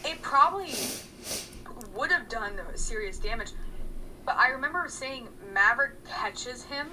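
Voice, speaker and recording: A woman's voice: sits high, lively intonation, a little slow, crowd noise, low-quality recording. A woman player in casual chat, rambling through memories of a game session with restarts and laughing asides. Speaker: player guest.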